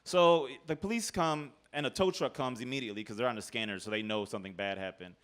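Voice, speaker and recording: A man telling a comic true story on stage, animated, profane and laughing at himself. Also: mid-range voice, fast. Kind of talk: live comedic storytelling.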